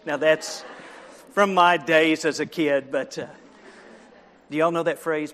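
A man's voice: on the high side, a little slow, vocal fry, a bit bright. A man preaching a children's sermon, telling a story with animation, acting out the characters and asking the listeners questions. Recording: long hall reverb.

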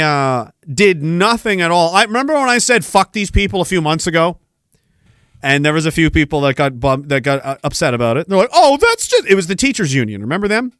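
A man's voice: fairly high pitch, a bit bright, dry recording. A man hosting a podcast, ranting about politics in a profane, sarcastic way. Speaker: podcast host.

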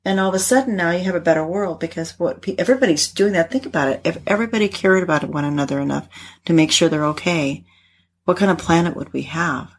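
A middle-aged woman, a therapist and guest, telling family stories in a casual, animated way with frequent laughter. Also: on the low side, fast, breathy edge. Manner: animated storyteller, laughs often. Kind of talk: casual conversation.

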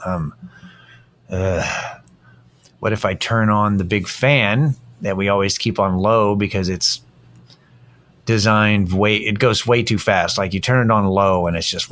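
A man's voice: on the low side, normal speed, a bit bright. A man hosting a casual solo podcast, drained and worn out, rambling in a tired, self-deprecating way. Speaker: podcast host.

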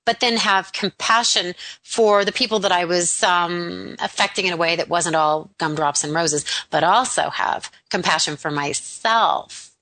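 A middle-aged woman hosting a radio talk show, effusive and quick to laugh in casual conversation. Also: lowish voice. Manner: warm, effusive, laughs easily.

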